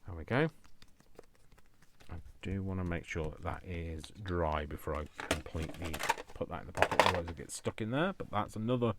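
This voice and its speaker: A man's voice: low-pitched, fairly quick, heavy background noise. A man hosting a crafting video, rambling casually and talking to himself with jokey asides. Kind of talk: casual chat while crafting.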